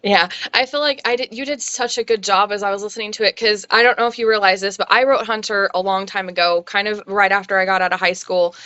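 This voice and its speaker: A woman's voice: mid-range voice, fairly even intonation, fast, few pauses, pushed and bright, clean tone, dull audio. A woman author interviewing a narrator, talking enthusiastically and rambling a little as she praises his work. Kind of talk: casual interview chat.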